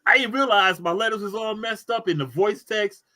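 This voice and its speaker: A man co-hosting a casual talk show, telling stories in an animated way and acting out his own reactions. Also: sits high, moderate pace. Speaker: co-host. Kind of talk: casual chat.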